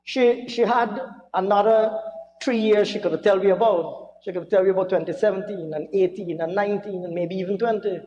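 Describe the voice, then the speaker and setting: A man's voice: sits high, normal speed, warm tone, muffled recording, a little hiss or hum. A man giving a parliamentary budget debate speech, mocking and theatrical, repeating phrases for emphasis. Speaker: member of parliament. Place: large parliament chamber. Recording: echoey chamber with long reverb.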